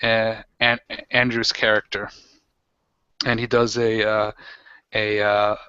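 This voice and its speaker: A man acts as game master for a tabletop role-playing game, talking the players through the rules with lots of fillers and restarts. His voice is bright and crisp. The recording is dry, dull and lo-fi. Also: lowish voice, flat delivery, dry recording. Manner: halting, filler-heavy explaining.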